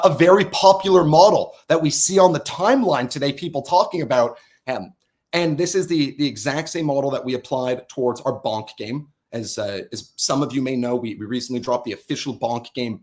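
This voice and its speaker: A man, a game studio founder from Canada, explaining his business on a casual podcast, animated and a bit boastful. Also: medium pitch. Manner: animated, quick to laugh, boastful.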